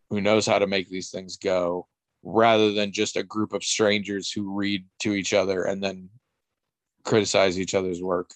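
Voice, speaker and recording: A man's voice: on the low side, no room sound. A man talking in casual podcast chat, rambling and wry, with frequent restarts and casual swearing.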